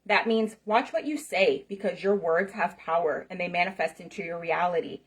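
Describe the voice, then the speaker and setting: A woman's voice: on the low side, normal speed. A middle-aged woman giving an emphatic motivational talk to camera, passionate and repetitive, checking in with "okay?" and "right?". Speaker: spiritual self-help speaker.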